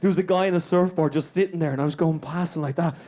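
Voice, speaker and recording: Telling a rapid story to a live audience at a small comedy club, an Irish stand-up keeps ending lines with "right?". He has a fairly high, warm voice with fairly even intonation.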